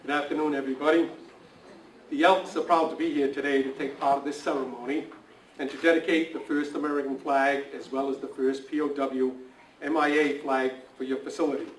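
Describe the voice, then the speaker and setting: A man's voice: medium pitch, flat delivery, a little fast, slight background noise. Man reading a formal dedication speech. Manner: formal, reading out a prepared address. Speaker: civic club representative presenting flags. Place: indoor building dedication event. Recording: echoey, distant recording with faint ambience.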